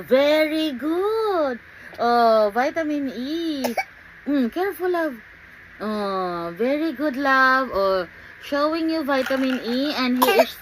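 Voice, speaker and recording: A woman's voice: high voice, a little hiss or hum, poor audio. A woman with a Filipino accent cooing affectionately to a toddler in a casual home video. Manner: cooing, affectionate baby talk. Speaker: caregiver filming a toddler.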